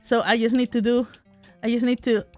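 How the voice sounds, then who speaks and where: A woman doing let's play commentary, excitable, talking to herself with shrieks and laughs. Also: on the high side, fairly quick, faint music behind. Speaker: gaming streamer.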